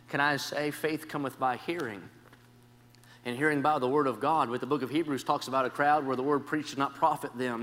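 Forceful preacher in a reverberant church. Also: male voice, mid-range voice. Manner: impassioned storytelling, swings from quiet to shouting; repeats "can I say" as a preaching cue. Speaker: traveling preacher. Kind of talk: revival sermon. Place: church sanctuary. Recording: long reverb of a large church.

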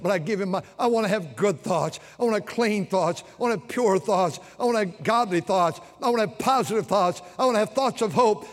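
An older man preaching a sermon, moving between quiet personal stories and loud, earnest calls to his congregation. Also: sits high, brisk, hardly any pauses. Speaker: pastor. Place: church sanctuary. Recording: long reverb of a large church hall.

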